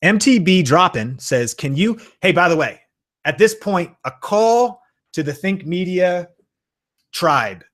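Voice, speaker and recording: A man hosting a live-stream Q and A, talking with excitable enthusiasm and plenty of fillers. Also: high voice, slow pace. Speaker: YouTube channel host.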